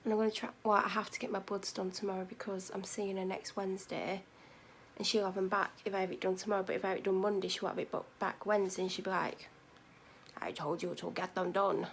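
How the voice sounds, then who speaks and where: A woman rambles through a casual vlog, tired and unhurried. Her voice has a gravelly, creaky edge at a middle pitch, and she often corrects herself mid-sentence. Now and then she sinks to a near-whisper. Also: flat delivery, a little hiss or hum. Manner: meandering, self-correcting, drops to near-whispers at times. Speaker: vlogger.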